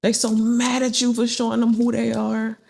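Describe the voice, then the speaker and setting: Slightly high yet gravelly and darkish, her voice stays monotone at a moderate pace. The woman is a tarot reader in a casual spiritual reading, rambling and repeating phrases while acting out those she quotes.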